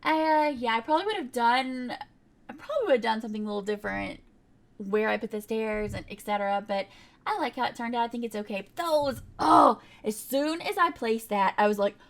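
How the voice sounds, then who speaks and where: A woman's voice: on the high side, quick pace. A young woman, chatting casually in a rambling voiceover over her game build, full of fillers and little laughs. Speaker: game builder narrating a speedbuild.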